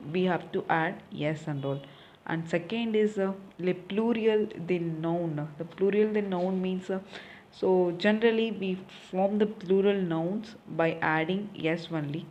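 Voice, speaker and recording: A woman's voice: lowish voice, darkish tone, highs cut off, a little hiss or hum. A young woman teaching a recorded French lesson. She asks questions and answers them herself, often repeating key points.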